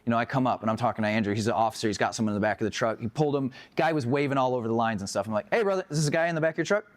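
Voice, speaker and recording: A man teaching a class on emergency medical care, telling animated stories from the job and acting out the dialogue, laughing often. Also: medium pitch, very fast. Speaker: EMS instructor. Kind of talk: casual classroom lecture with stories.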